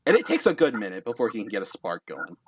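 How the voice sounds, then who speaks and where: A man's voice: fairly low pitch, huge pitch swings, fast, slightly rough. A young man narrating a tabletop game as game master, in a casual, rambling way full of fillers.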